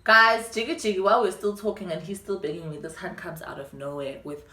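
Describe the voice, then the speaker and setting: A young South African woman telling a story on her vlog, chatty and animated. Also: lowish voice, a little fast, roomy sound. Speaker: vlogger.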